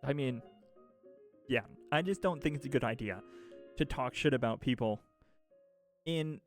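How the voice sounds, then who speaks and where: A man's voice: medium pitch, unhurried, soft background music. A man streamer venting to chat in a rambling, exasperated way, swearing often and laughing mid-sentence. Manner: rambling with restarts and filler. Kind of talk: casual ranting chat.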